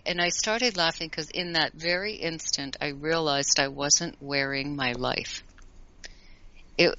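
A woman who is a regular guest gives card readings during a casual live-stream chat, gentle and encouraging and quick to laugh. Her voice sits on the low side, and the audio is dull.

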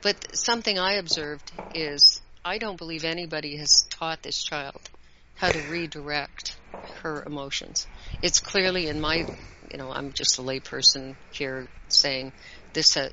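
A woman's voice: low voice, normal speed, background noise. A woman who teaches art, telling a story in casual conversation and acting out what people said. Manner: animated storytelling with laughs. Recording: dull lo-fi sound.

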